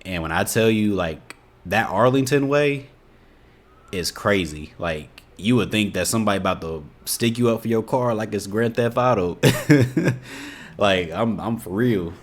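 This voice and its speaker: A man's voice: lowish voice, measured pace. Fired-up young man with an Indiana accent. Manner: animated, exasperated, keeps saying "you know what I'm saying". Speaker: reaction video host. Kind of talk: casual reaction commentary.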